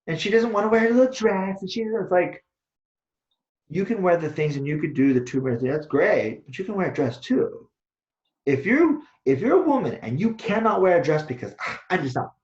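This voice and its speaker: A man co-hosting a casual discussion, talking bluntly and swearing freely as he rants. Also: a little high. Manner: blunt, profane, animated ranting. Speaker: co-host, Taoist teacher. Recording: echoey room, dull lo-fi sound.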